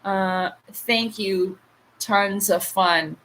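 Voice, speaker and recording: A woman's voice: mid-range voice, normal speed, a bit bright, breathy edge, poor audio. A woman in her late thirties hosting a casual livestream chat, a rambling storyteller with frequent asides. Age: late 30s. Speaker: livestream host.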